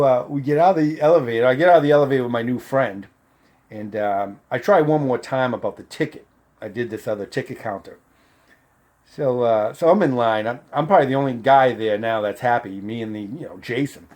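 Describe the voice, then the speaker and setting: A man's voice: medium pitch, a little mellow. A middle-aged man from Massachusetts tells an old personal story in a loose, profane way. He laughs between lines and acts out what each person said. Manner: profane, laughs through the tale, acts out the voices. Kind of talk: casual storytelling.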